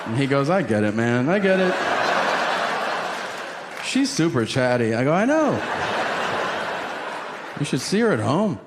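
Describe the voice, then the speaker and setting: A middle-aged man performs a brash, profane stand-up comedy set, his voice swinging widely in pitch. The live recording carries a long hall reverb. Noticeable room noise sits under his voice. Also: sing-song, unhurried, long pauses. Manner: brash, profane storytelling with big voiced bits. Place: comedy stage before a live audience.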